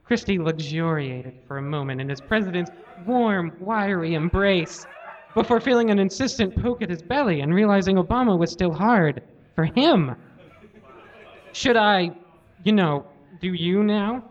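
A man hosting a comedy podcast, giving a deadpan live reading of a story. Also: sits high, moderate pace. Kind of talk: live reading of fan fiction. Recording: lo-fi live recording.

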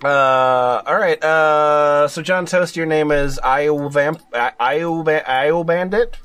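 A man's voice: a little high, measured pace, fairly bright tone, clean tone. A man hosting a comedy podcast, introducing each profile with wry asides. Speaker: podcast host.

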